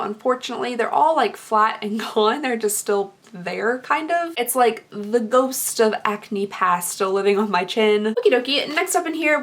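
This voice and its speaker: A young woman with a Kentucky accent chatting casually as a beauty vlogger, bubbly and rambling, full of "like" and "okie dokie.". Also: on the high side. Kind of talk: casual unboxing chat.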